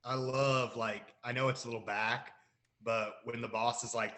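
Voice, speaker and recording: Bright-voiced dude chatting about a show, quotes stuff and laughs. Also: male voice, mid-range voice, steady tone, normal speed. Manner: laughing, quotes lines with a grin. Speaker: podcast co-host. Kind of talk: casual recap chat.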